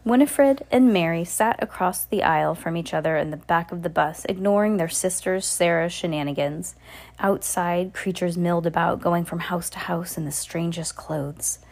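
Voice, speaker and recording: A woman's voice: fairly low pitch, normal speed, gravelly, a little mellow. A woman hosting a kids' reading podcast, reading a storybook aloud with playful asides to a child. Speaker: podcast host reading to kids.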